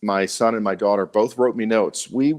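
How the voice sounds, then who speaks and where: A middle-aged man with a Baltimore accent, co-hosting a casual live show, talking in an earnest, halting way with many restarts and sounding tired after an illness. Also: on the low side, fairly even intonation, darkish tone. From Baltimore, USA. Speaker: co-host.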